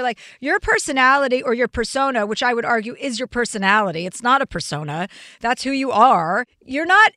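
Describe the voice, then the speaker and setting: A woman's voice: fairly high pitch, lively intonation, fairly quick, bright, forceful tone, no echo, clean studio sound. Blunt, profane woman podcast host. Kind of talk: casual chat.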